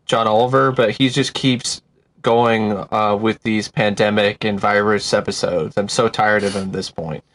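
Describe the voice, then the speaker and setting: A man's voice: lowish voice, steady tone, moderate pace, a bit bright. A man from Washington state co-hosting a casual chat, joking dryly with frequent hesitations. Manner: dry, joking, hesitant with fillers. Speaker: podcast co-host.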